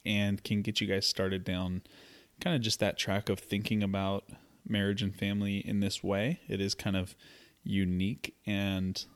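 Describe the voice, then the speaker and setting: A man's voice: lowish voice, level tone, moderate pace. A man co-hosting a podcast, talking in an easygoing way with plenty of ums and uhs. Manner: easygoing, plugging with filler words. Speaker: podcast co-host. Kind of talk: casual podcast chat.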